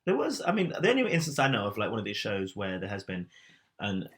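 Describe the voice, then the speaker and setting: A man's voice: on the low side, wildly swooping pitch, quick pace. A man co-hosting a casual podcast, asking curious questions and thinking aloud with frequent restarts. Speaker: podcast co-host. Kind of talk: casual chat.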